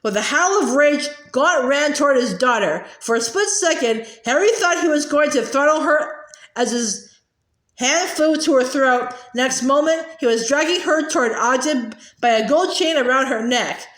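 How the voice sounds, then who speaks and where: A woman reads a novel aloud in a high, light voice, stumbling and restarting words with drawn-out "uh" pauses between lines. Her room gives the recording a clear echo. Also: fairly bright tone. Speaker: audiobook reader. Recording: echoey room.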